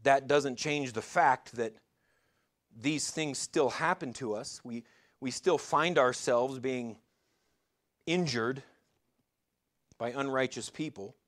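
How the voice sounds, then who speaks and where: A man's voice: medium pitch, slow, long pauses, fairly bright tone. A man preaching a sermon in a conversational way, asking his listeners rhetorical questions and sometimes stumbling and restarting. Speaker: pastor.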